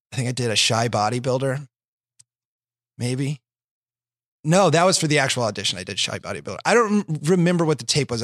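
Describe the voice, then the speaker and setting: A man's voice: mid-range voice, fairly bright tone, dry recording, clean studio sound. A man in his thirties telling stories in a loose, profane, self-deprecating way as a guest on a chat show. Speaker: guest comedian. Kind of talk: casual storytelling chat.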